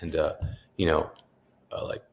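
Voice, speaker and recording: A man in his fifties speaks with a notably low voice. He is a pastor talking with a host and tells a personal story in earnest. He slips into the voices of the people he quotes. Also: little pitch movement, a little slow. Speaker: pastor and author, interview guest.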